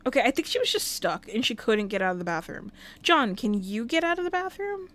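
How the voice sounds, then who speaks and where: A woman's voice: on the high side, big pitch swings, fairly quick, a bit bright. A woman casually commenting while livestreaming a life-sim game, talking to the characters and thanking viewers. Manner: chatty, talks to game characters and chat.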